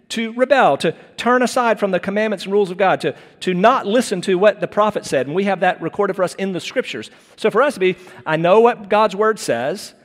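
A male pastor delivers a sermon in an earnest, conversational way, often doubling back on his words. His voice sits somewhat high for a man. The sound carries a long reverb, as in a large hall. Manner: earnest, conversational preaching with repeated restarts.

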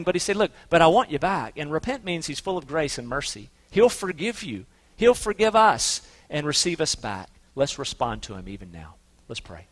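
An earnest man leading a congregation, his voice pitched slightly above the usual male range. He moves between quiet, intimate stretches and emphatic, urgent lines. He sounds like a pastor speaking in a church. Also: lively intonation, fairly quick. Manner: earnest, swings from soft to emphatic. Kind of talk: sermon and closing prayer.

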